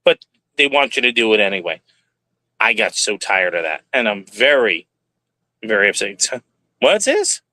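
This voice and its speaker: A man's voice: lowish voice, big pitch swings, normal speed, pauses often, sharp tone, no echo. A man hosting a livestream, talking candidly and rambling, sometimes asking and answering his own questions. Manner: rambling, candid, talks to himself aloud. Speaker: livestream host. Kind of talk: casual livestream monologue.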